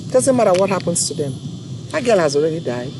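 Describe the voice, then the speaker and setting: A woman's voice: fairly low pitch, big pitch swings, fast talker, background noise. A woman, from Africa, hosting an online forum in an impassioned, tearful monologue, pleading and repeating her points. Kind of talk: impassioned direct-to-camera monologue.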